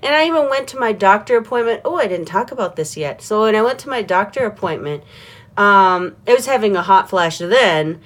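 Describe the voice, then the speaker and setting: A woman's voice: medium pitch, animated, a little fast, fairly bright tone. A middle-aged woman talking casually in a personal vlog, rambling and laughing often as she acts out what others say. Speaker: vlogger.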